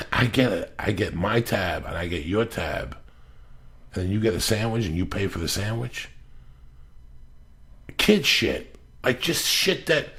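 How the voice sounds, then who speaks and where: A man's voice: fairly low pitch, vocal fry, a bit bright. A middle-aged man hosting a podcast, ranting in a casual, profane, emphatic way. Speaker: podcast host.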